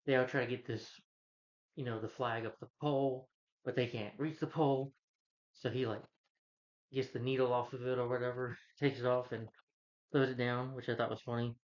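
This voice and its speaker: A man's voice: mid-range voice, flat delivery, normal speed, lo-fi sound. A man giving a casual, rambling plot recap as a movie reviewer, earnest when praising the hero. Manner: rambling, loose retelling with restarts; earnest, heartfelt asides.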